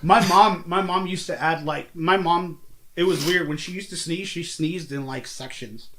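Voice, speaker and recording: A man's voice: fairly high pitch, moderate pace, a bit bright, slight background noise. A man co-hosting a podcast, casually joking, swearing and telling family anecdotes. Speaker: podcast co-host. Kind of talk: casual chat.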